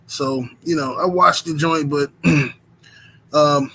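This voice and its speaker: Bright, upbeat man hosting a live stream. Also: fairly high pitch, slow pace, creaky, slight background noise. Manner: hypes the chat, shouts out viewers by name; relaxed with many fillers. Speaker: host of a boxing talk stream. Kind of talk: casual live-stream chat.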